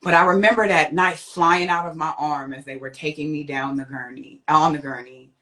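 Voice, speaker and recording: A young woman with a lowish voice recounts a personal ordeal as a guest. She tells it vividly, leaping up in pitch whenever she acts out what someone said. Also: fairly even intonation, moderate pace, a bit bright. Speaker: guest sharing a testimony. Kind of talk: personal storytelling.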